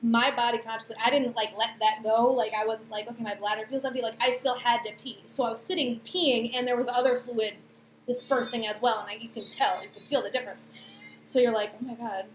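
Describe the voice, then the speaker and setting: A young woman in her twenties telling a personal story to camera, chatty and animated, with lots of fillers and acted-out quotes. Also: fairly high pitch, brisk. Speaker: vlogger. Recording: echoey room, faint background noise.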